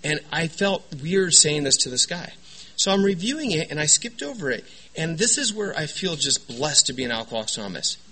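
Man, somewhat high voice, bright tone, animated storytelling, recovery meeting testimony. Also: brisk, slightly rough, poor audio. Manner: animated, joking storyteller with lots of "right?" and "you know". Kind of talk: personal testimony talk. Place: meeting room with an audience.

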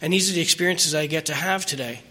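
A man's voice: on the high side, fast talker, sharp tone. A middle-aged man telling his personal recovery story at a meeting, earnest and emotional, rambling with restarts.

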